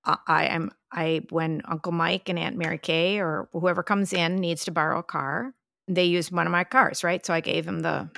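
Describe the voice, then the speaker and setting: A woman's voice: fairly low pitch, fairly even intonation, moderate pace, creaky, a bit bright, slight background noise. An older woman, a podcast co-host and mother, telling stories in casual family chat, chatty and exclaiming. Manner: chatty storyteller, exclaims, laughs.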